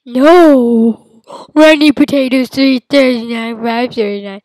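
Playful, slow-talking woman gamer. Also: on the high side, no room sound, rough recording. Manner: silly, playful, sudden loud outbursts. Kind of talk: casual let's-play commentary.

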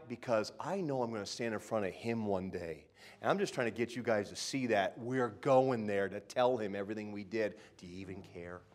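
In a church sanctuary, a middle-aged pastor preaches a conversational sermon on the low side, swinging between loud pronouncements and muttered asides. He also acts out mocking quoted voices.

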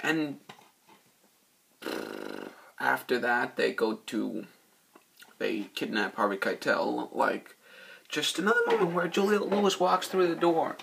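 With a gravelly, animated, medium-pitched voice, this young man reviews a film slowly, leaving long pauses, cursing frequently and drifting off track. He performs movie quotes in loud, shouty voices, and a little hiss or hum runs under the recording.

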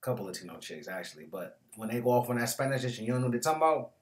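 A man's voice: mid-range voice, expressive, racing. A man hosting a casual movie review vlog, talking in a slangy, rambling way with joking asides. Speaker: movie reviewer, show host.

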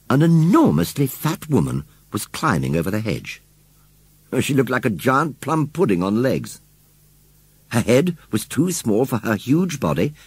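Male audiobook reader, low and raspy, swooping animated delivery. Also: no echo. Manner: expressive, animated storytelling. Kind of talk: storybook narration.

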